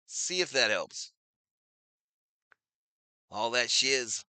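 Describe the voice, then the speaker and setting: Bright-voiced chatty man hosting a stream. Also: mid-range voice, animated, extremely slow, dry recording. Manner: chatty, reads viewer comments, repeats phrases, addresses chat as y'all. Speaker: watch party stream host. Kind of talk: casual live-stream chat with play-by-play.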